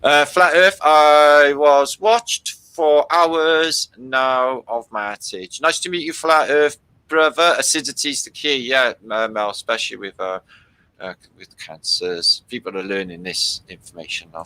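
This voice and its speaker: Sweary man, bright voice, rambling. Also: lowish voice, lively intonation, moderate pace, no room sound, rough recording. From Britain. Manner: rambling, sweary, reads out chat comments. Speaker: livestream host. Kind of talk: casual livestream chat with viewers.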